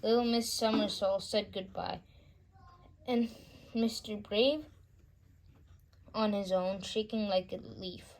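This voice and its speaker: Slow-reading woman storyteller. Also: medium pitch, background noise. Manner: slow, gentle reading with small slips. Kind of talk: children's bedtime story read-aloud.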